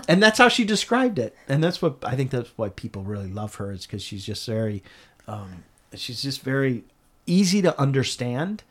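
A man of ordinary pitch recounts a story as an interview guest. He speaks earnestly and grows animated, often restarting his sentences as he talks. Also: normal speed. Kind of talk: conversational storytelling.

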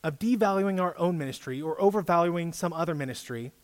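A man's voice: a little high, fairly quick, in a large hall. A man giving a casual sermon as a youth pastor, chatty, quizzing his listeners with questions. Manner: conversational, quizzes the audience. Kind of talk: casual preaching.

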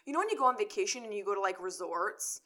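A woman's voice: medium pitch, animated, fast, sharp tone. A young woman in casual conversation, telling stories full of "like" fillers and acted-out quotes. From Chicago area. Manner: chatty storyteller, many "like" fillers, acts out quotes. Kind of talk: casual chat.

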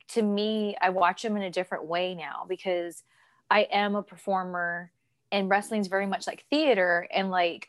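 A young adult woman co-hosts a casual podcast chat, animatedly telling stories and acting out quoted lines. Her voice is mid-range, recorded with no room sound.

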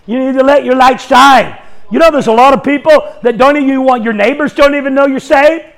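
Middle-aged male evangelist, very high pitch with a gravelly edge, bold and jokey, acts out the conversations in his stories. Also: fairly quick. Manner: bold, humorous, laughing asides, acts out dialogue. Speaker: evangelist preacher. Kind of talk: charismatic sermon with storytelling.

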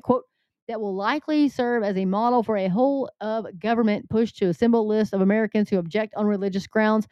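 A woman's voice: medium pitch, dark tone, clear, resonant tone, dry recording. Woman host, middle-aged, earnest and urgent, reading news and warning her listeners, dry close mic. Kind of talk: news commentary monologue. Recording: slightly dull lo-fi sound.

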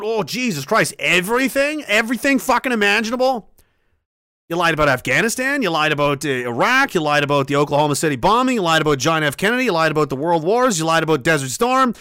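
High, sharp-voiced man ranting angrily. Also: sing-song, quick pace, clear, resonant tone, no room sound, studio quality. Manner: swings from low sneering mutter to loud shouting; heavy swearing, repeated hammering phrases. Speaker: livestream host. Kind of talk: angry profane rant.

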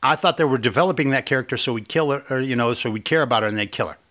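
A man's voice: mid-range voice, very fast, a bit bright. A man in casual podcast chat about a film, his voice in the middle range for a man. He talks emphatically and swears a lot, and he readily agrees with his co-host before adding his own points. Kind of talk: casual movie review chat.

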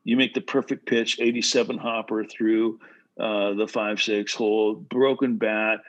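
A man who played pro baseball giving casual, animated advice to pitchers, full of "bro" and "right?". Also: unhurried, highs cut off. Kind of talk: casual coaching talk.

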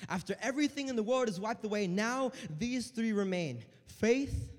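A man preaching a sermon in a church, animated, dropping to a hush and then rising loud. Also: high voice, normal speed, big-room sound. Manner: animated preaching, swinging between hushed and loud.

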